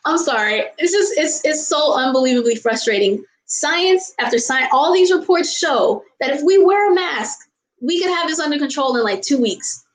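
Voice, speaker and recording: High-voiced exasperated woman vlogger. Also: animated, moderate pace, roomy sound, poor audio. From United States. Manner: exasperated ranting, laughs and apologizes often. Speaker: vlogger answering viewer questions. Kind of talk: casual chat.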